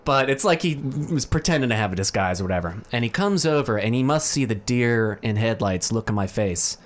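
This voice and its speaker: A man's voice: medium pitch, brisk. Chatty man telling stories. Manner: animated storyteller, many fillers and restarts, laughs often. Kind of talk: casual podcast chat.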